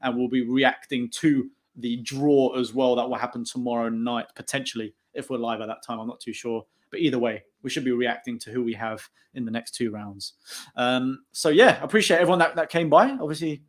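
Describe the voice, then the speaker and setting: Young man, casual football talk, host, laughs a lot, mid pitch. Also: brisk. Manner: chatty, laughing often. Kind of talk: casual post-match football chat.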